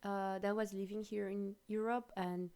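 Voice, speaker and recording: A woman with a French accent, a native French speaker, chatting casually as a stream host, lively and quick to laugh, with many restarts. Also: medium pitch. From France. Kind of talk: casual chat.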